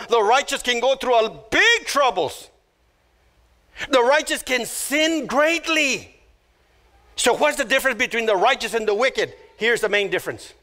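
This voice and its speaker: A male pastor delivering a sermon in a high, animated voice that rises and falls widely. He speaks slowly and brightly, repeating phrases and drawing out words for emphasis. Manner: acts out little quoted voices.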